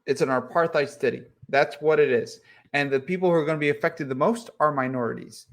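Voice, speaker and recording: Fired-up podcast guy swearing a lot, kinda high voice, keeps repeating himself. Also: fairly quick. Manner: profane and worked-up, repeats himself. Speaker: podcast co-host. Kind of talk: heated political podcast chat.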